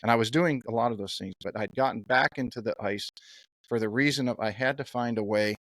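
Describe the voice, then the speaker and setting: A man's voice: medium pitch, fairly quick, a bit bright, no room sound, low-quality recording. A man in his fifties hosting a podcast and asking long, earnest, winding questions. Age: 50s. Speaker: podcast host. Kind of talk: podcast interview.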